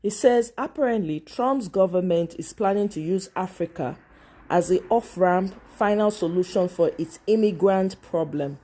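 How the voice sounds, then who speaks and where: A woman with a Nigerian accent hosting a live stream on politics, talking in an animated way, mixing English with Pidgin and greeting viewers by name. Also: on the low side, normal speed. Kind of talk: casual live-stream commentary.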